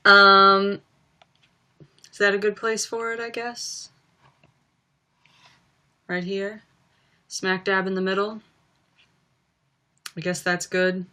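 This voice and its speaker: Slow, bright-voiced young woman livestreaming. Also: mid-range voice, level tone, smooth. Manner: chatty, reading viewer comments aloud, many ums. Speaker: livestreaming singer. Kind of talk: casual livestream chat.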